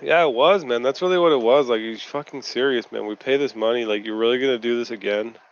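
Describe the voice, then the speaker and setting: A man's voice: mid-range voice, fast talker, highs cut off. A man on a casual video-call chat, ranting and swearing in frustration. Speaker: podcast co-host. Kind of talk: casual post-fight chat.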